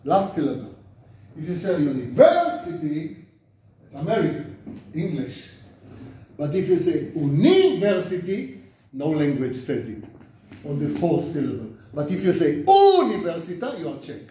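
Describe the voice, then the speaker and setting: Older Israeli rabbi lecturing in an echoey room. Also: male voice, a little high, moderate pace, pauses often, warm tone. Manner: chatty, asks the class questions, repeats words for drill. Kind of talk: informal classroom lecture. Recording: echoey lecture room, mic far off, faint noise.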